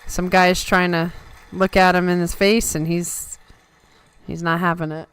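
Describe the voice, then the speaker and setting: An emotional live-stream host reacting in real time, gushing and chatting to the audience. The voice is smooth and clear, sitting at a middle pitch. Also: level tone, a little slow, a bit bright.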